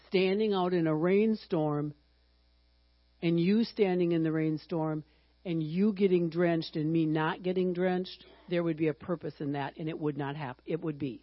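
A woman in her sixties teaches a Bible lesson in a chatty, joking way. Her talk leaps into excited outbursts. The recording sounds muffled and dry, with a faint hum underneath. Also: on the low side, no echo. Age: 60s. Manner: chatty and humorous, bursting into excited exclamations.

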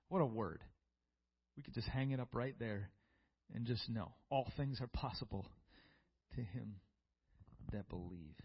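Gravelly preacher, husky voice, dull sound. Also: male voice, mid-range voice, unhurried. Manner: reads scripture aloud, builds to fervent peaks. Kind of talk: sermon. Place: church.

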